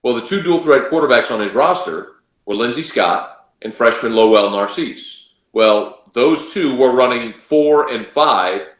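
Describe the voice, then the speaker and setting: A man's voice: medium pitch, echoey room. A man giving confident, emphatic college football analysis as a radio sports guest. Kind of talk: casual sports talk analysis.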